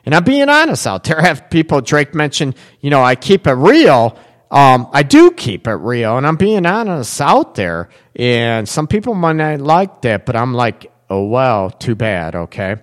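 A man hosting a relationship talk radio show, speaking in a plain mid-range voice. He talks bluntly and casually, rambling and stacking up fillers as he goes. His voice carries a long, hall-like reverb. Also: mid-range voice.

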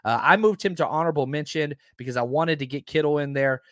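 A man hosting a sports talk show, talking casually and excitedly, stressing his points by repeating them. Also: a little high, fast, no room sound, clean studio sound. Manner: excitable, emphatic, keeps repeating himself.

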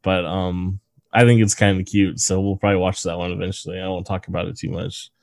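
A man's voice: sits low, little pitch movement, a little fast, gravelly, darkish tone, no room sound. A man co-hosting a casual movie-review podcast, sharing trivia with profanity and frequent laughter. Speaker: podcast co-host.

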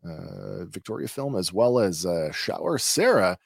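A man's voice: low voice, big pitch swings, measured pace, creaky, breathy edge, dry recording, studio quality. A man hosting a podcast, recapping an episode in a chatty way with many filler words. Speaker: podcast host.

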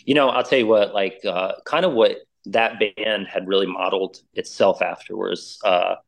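A middle-aged man with a somewhat low voice tells a story in loose, casual chat. He is animated and full of "like" and "dude," and he acts out the voices of the people in it. The sound is plain. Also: moderate pace, gravelly. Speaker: interview guest, musician.

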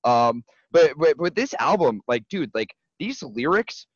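Excitable swearing podcast host. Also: male voice, on the high side, measured pace, no room sound, dull audio. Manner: excitable, profane, rambling with restarts. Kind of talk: casual chat.

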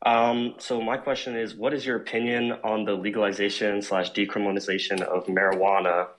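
A man's voice: fairly low pitch, level tone, fairly quick, fairly bright tone, low-quality recording. A man calling in to a talk show, asking questions politely and a bit awkwardly. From North Carolina, US. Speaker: caller. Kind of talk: casual call-in question.

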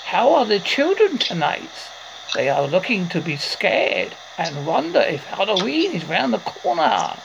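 A woman's voice: mid-range voice, very animated, a little slow, vocal fry, dull audio, heavily acted. An English woman putting on a creepy masked man. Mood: sinister. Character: creepy masked male alter ego, menacing. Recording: noisy background.

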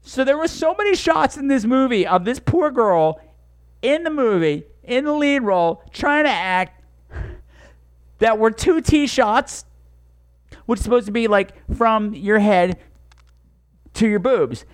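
A man's voice: extremely high pitch, lively intonation, a little slow, long pauses. A man hosting a talk show, telling stories in a profane, sarcastic comedic rant and slipping into mocking voices.

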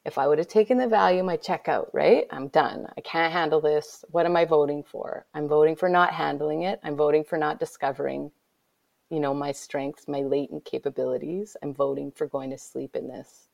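A woman in her thirties with a lowish, gravelly voice shares a personal story as an interview guest. She swings between hushed whispers and loud, animated exclaiming. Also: normal speed. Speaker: guest, author.

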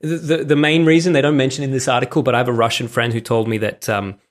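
A man's voice: medium pitch, flat delivery, quick pace. A man co-hosting a podcast in casual chat, joking dryly and swearing freely. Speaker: podcast co-host.

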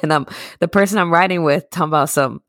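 A man with a gravelly, fry-edged voice, joking his way through a casual podcast chat. He keeps it laid-back and laughs a lot. The sound is dry, close and unechoing. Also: fairly high pitch, fast talker, fairly bright tone, no echo. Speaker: podcast co-host.

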